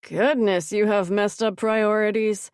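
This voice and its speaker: A woman doing a calm, deadpan sarcastic man. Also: mid-range voice, a little slow, clean tone, dry recording, studio quality, lightly acted. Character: composed man, coolly sarcastic.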